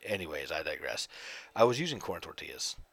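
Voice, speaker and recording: Low bright voiced dude ranting solo on his podcast, swearing a lot, right up on the mic. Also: sing-song, fairly quick, creaky, dry recording. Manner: profane, rambling rants. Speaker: podcast host. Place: home, evenings. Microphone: close desk mic.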